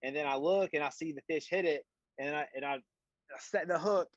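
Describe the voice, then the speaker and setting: A man's voice: a little high, a little fast, dry recording. A young man who is a guest on a stream, chatting casually in a rambling way with lots of fillers and dry jokes. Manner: rambling, many "like" and "you know" fillers, joking. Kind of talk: casual chat. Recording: slightly muffled remote audio.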